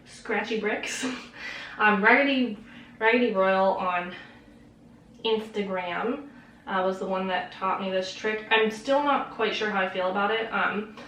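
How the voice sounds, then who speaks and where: A woman's voice: medium pitch, measured pace, a bit bright, slight background noise. A young woman chatting casually through a makeup tutorial, rambling and laughing often. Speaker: beauty vlogger. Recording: roomy echo, mic at a distance.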